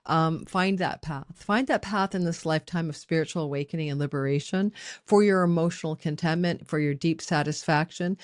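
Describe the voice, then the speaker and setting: A woman's voice: low voice, a little mellow, dry recording, clean studio sound. A middle-aged woman giving a spoken astrology lesson, talking straight to her viewers with casual asides. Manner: conversational, addresses viewers directly with asides. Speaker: astrology teacher.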